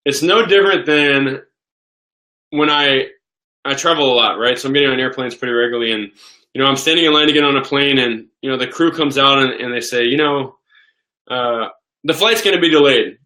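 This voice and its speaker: A man's voice: mid-range voice, a little fast, pushed and bright. A man in his thirties hosting a casual live question-and-answer stream, talking with eager enthusiasm and often repeating and restarting his words.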